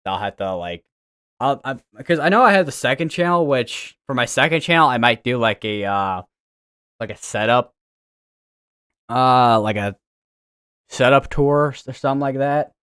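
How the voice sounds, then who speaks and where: A man's voice: mid-range voice, animated, normal speed, pauses often, fairly bright tone, clear, resonant tone. A young man from the United States hosting a casual weather livestream from his room, rambling and correcting himself as he talks. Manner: rambling, chatty, self-correcting. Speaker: weather stream host. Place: home room with green screen.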